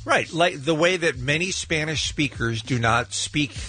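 A man's voice: fairly high pitch, unhurried. A man hosting a morning radio show, joking and chatting with his co-hosts. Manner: animated, joking.

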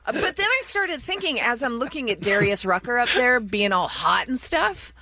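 A woman's voice: fairly high pitch, normal speed. A woman co-hosting a radio show, telling stories in casual, playful banter. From Southern California. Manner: chatty storyteller, lively and playful. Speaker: radio co-host.

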